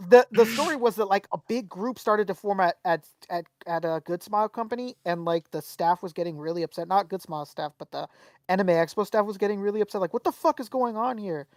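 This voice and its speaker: High-voiced and fast-talking, this young male podcast co-host tells a story in casual chat with no echo on the recording. He's an animated storyteller who acts out what people said and swears a lot.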